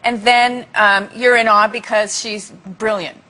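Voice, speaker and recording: A woman, an actress, speaks as a talk show guest in an effusive, emphatic way. Her voice is bright and sits high in her range. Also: steady tone, measured pace.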